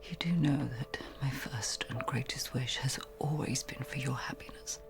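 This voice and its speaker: A woman's voice: a bass voice, normal speed, whispered, over music. An actress playing a bold, determined woman landowner in a period TV drama, speaking assertively. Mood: tender.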